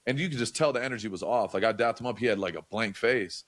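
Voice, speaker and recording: A young man with a fairly low voice tells a story in loose, casual talk. He swears freely and keeps circling back with likes and half-finished restarts. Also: quick pace. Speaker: podcast guest.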